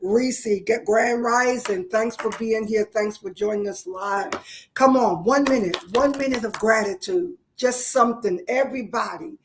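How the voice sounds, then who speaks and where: A woman's voice: on the high side, unhurried, noisy background. A woman hosting a live-streamed morning devotional, rousing and encouraging her viewers, recorded on a phone. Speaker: spiritual teacher hosting a live morning session.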